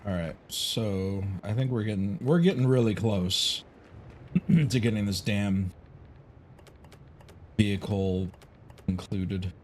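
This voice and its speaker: A man's voice: lowish voice, takes it slowly, pauses often, darkish tone, slight background noise. An American man streaming a game, musing aloud in a rambling, casual way with many fillers and some swearing. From United States. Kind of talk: casual live-stream chat while playing.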